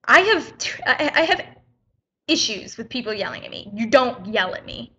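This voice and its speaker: A woman's voice: on the high side, big pitch swings, moderate pace, sharp tone. A teenage girl in a casual vlog, retelling a run-in in a chatty, indignant way and acting out both sides. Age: teens. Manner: indignant, chatty retelling with quoted back-and-forth. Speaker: high school student vlogger.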